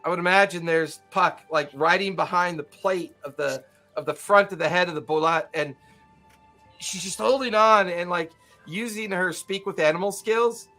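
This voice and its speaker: A man's voice: sits high, moderate pace, pushed and bright, faint music behind. A man narrating a tabletop game as game master, describing scenes loosely with many fillers.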